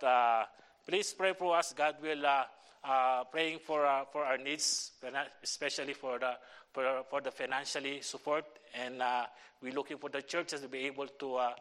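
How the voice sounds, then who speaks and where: A middle-aged man with a Filipino accent preaching a sermon in halting English, with many fillers and restarts. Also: medium pitch, fairly bright tone, smooth. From Philippines. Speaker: visiting pastor. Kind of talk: church sermon and prayer request.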